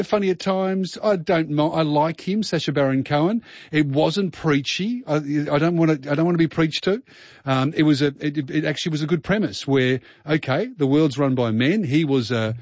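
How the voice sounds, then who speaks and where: A man hosts a radio chat in a loose, rambling way, laughing easily between points. His voice is middle-pitched and dry, and it sounds slightly dull. He comes across as unhurried. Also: a little mellow, dry recording. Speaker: radio host.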